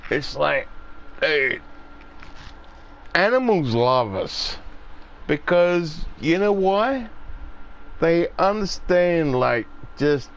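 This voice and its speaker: A man's voice: on the high side, lively intonation, extremely slow, long pauses. An Australian man chatting casually on a gaming stream, rambling and swearing freely as he tells stories. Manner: swears freely, acts out voices when telling stories.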